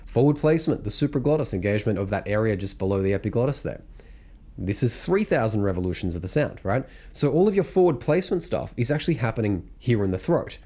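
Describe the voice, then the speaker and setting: A man's voice: mid-range voice, a little mellow. A man teaching vocal technique in a blunt, casual way, breaking into hums and sung demonstrations. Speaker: singing coach. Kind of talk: vocal technique lesson to camera.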